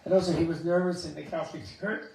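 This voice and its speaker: A man with a raspy, gravelly voice pitched a little high gives a Buddhist talk, telling animated stories with chuckling asides. He sounds distant from the mic. A long, booming hall echo surrounds every word. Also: fast talker. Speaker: Buddhist scholar giving a talk. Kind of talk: dharma talk with anecdotes. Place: temple hall.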